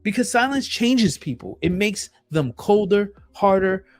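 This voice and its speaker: Solo podcast host, male, blunt and emphatic, cursing freely, slightly raised pitch. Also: sing-song, unhurried, soft background music. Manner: blunt and emphatic, swears often, repeats phrases.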